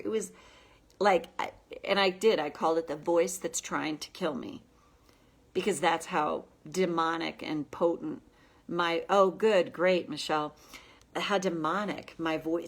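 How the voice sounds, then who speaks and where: A woman coach giving a gentle, frank self-help talk to her viewers. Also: lowish voice, measured pace, gravelly.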